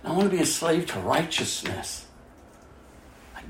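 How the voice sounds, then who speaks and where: A man preaching a sermon as pastor, impassioned and full of rhetorical questions, dropping from loud to hushed. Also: a little high, very animated, unhurried, pauses often, reverberant.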